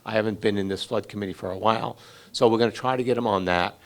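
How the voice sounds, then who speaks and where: A man's voice: lowish voice, steady tone, fast talker, creaky. A middle-aged man on a flood committee, leading a community meeting in an informal, conversational way and calling on residents to speak. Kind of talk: running a community Q&A.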